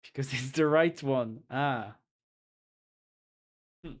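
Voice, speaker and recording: A man's voice: mid-range voice, takes it slowly. A man with a French accent chatting casually on a live stream, rambling and reading chat aloud; French is his first language. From France.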